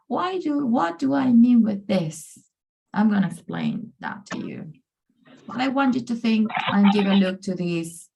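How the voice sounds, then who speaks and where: Slow-speaking woman coach. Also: mid-range voice, gravelly, warm tone, slight background noise. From Peru. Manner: upbeat, encouraging, often says amazing and brilliant. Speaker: pronunciation coach presenting a workshop. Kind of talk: online presentation. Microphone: video call.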